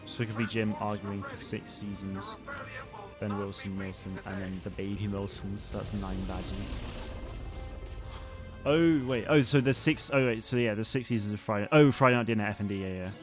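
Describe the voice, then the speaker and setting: A young streamer and channel host chats casually with viewers on a live stream, reading comments and rambling with plenty of fillers and restarts. His voice is on the low side at a moderate pace, with music in the background.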